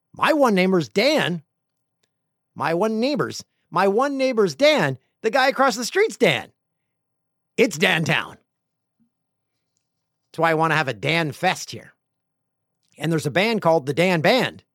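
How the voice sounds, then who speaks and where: A middle-aged man hosting a casual podcast, reading listener emails aloud with playful, jokey, rambling asides that swing between loud bursts and quiet mutters. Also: high voice, no room sound, studio quality. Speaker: podcast host.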